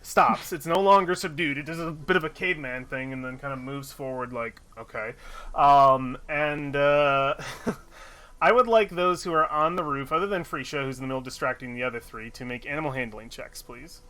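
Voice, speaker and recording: A man's voice: mid-range voice, moderate pace, pushed and bright. A man narrating as game master of a tabletop game, rambling loosely with lots of fillers.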